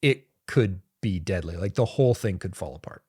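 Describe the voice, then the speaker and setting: A man co-hosting a football talk, chatting conversationally about line play with quick asides. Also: low voice, expressive, warm tone, husky. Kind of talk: casual sports analysis chat.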